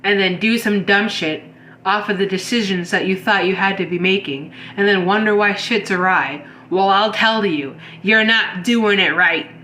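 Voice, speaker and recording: A woman's voice: medium pitch, moderate pace, sharp tone, echoey room, slight background noise. A woman giving an intuitive reading to her viewers in a blunt, heated lecture full of swearing. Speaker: spiritual reader.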